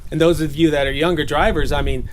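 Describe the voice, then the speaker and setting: A man from Southern California giving a relaxed, chatty sermon, laughing often and slipping into playful voices. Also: fairly high pitch, fast, a little hiss or hum. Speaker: preacher. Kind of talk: casual sermon teaching. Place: gathering.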